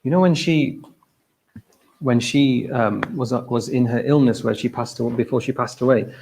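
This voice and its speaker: A man gives a relaxed, chatty talk to a mosque gathering. He often repeats his key phrases and keeps asking "okay?" as he goes. His voice sits at an ordinary, middling pitch for a man. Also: normal speed, slight background noise, poor audio. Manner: conversational, repeats himself, keeps checking in with "okay?". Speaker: mosque speaker. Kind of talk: informal religious talk.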